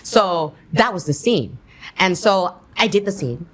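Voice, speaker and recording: Animated woman telling stories. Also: fairly low pitch, unhurried. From Thailand. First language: Thai. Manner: laughs often, acts out scenes. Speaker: guest actress. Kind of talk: animated storytelling in an interview.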